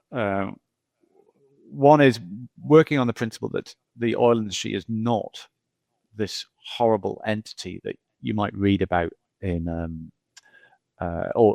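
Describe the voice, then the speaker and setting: A man's voice: fairly low pitch, vocal fry, a little mellow, dry recording. A middle-aged male geologist talking casually as a podcast guest, rambling through anecdotes with lots of repeats and "you know".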